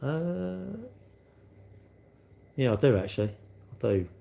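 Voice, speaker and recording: A man's voice: medium pitch, big pitch swings, slow pace, creaky, dark tone. A man, chatting casually on a live stream and answering his chat with cheeky, rambling banter. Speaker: livestreamer reading chat.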